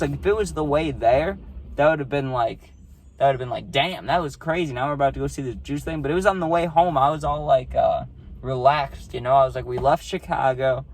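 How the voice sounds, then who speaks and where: A man's voice: mid-range voice, a little hiss or hum. A man telling a story to his channel in a casual, rambling way, full of swearing and fillers. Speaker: storytime vlogger.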